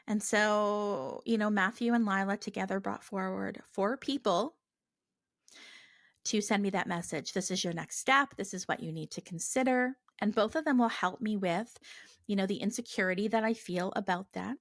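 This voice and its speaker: A woman hosting a spiritual podcast, talking casually and earnestly, with many fillers and soft asides. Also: medium pitch, normal speed, no room sound, studio quality. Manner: chatty, earnest, many fillers, voices her own prayers softly. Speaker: podcast host.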